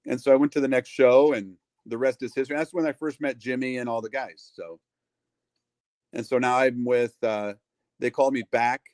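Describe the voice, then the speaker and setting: A man's voice: medium pitch, steady tone, moderate pace, a little mellow, no echo. A middle-aged man, a wrestling ring announcer, chatting as an interview guest, full of fillers and acted-out quotes. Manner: chatty, acts out quoted voices, lots of fillers. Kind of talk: casual storytelling interview.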